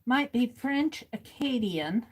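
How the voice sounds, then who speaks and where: A woman hosting a casual livestream, reading viewer comments aloud, chuckling often and thinking out loud. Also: on the high side, lively intonation, takes it slowly, breathy edge, poor audio. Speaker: livestream host.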